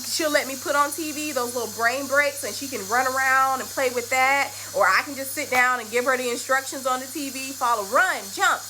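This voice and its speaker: A woman's voice: fairly high pitch, sharp tone, a little hiss or hum. A young woman, a mother chatting casually to camera and acting out her small daughter's lines. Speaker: mother and astrology vlogger.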